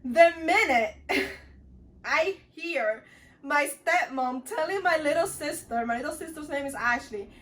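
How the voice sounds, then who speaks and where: A woman's voice: high voice, lively intonation, unhurried, fairly bright tone. A young woman from the Dominican Republic telling a storytime vlog in a chatty, rambling way, full of "like" and restarts. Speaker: vlogger. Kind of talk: casual storytime chat.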